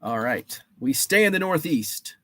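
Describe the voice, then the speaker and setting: A man's voice: a little high, lively intonation, measured pace, noisy background. A man hosting a live stream, running a guessing game with trading cards, reading out viewers' names and answers in a chatty, playful way. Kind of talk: casual live-stream chat.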